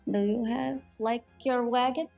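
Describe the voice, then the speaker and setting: A woman voicing an odd, earnest young woman who speaks in stiff, formal, halting phrases. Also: on the high side, steady tone, vocal fry, a little mellow, soft background music.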